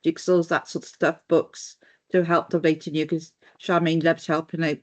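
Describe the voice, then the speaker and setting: A councillor with a Welsh accent eagerly offering help at a council meeting. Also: male voice, fairly high pitch, flat delivery, normal speed. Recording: dull lo-fi meeting room recording.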